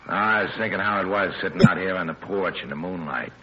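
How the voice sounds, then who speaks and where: Deep-voiced hunted gangster, clipped hardboiled talk, lo-fi old radio recording with faint hiss. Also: male voice, a little fast. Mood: weary tender. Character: tough wanted male gangster on the run. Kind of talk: 1940s radio acting.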